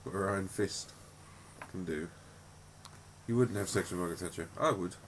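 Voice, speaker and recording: A man with a fairly low voice rambles through jokey banter as a podcast co-host. He talks over a faint hiss of background noise. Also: moderate pace. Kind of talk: casual banter.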